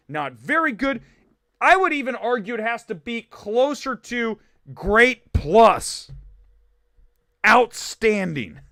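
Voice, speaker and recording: A man from Ohio hosting a live film talk stream, ranting quickly with animated, mock-shouted asides. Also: very high voice, no echo, studio quality. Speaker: livestream film show host. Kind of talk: animated livestream rant.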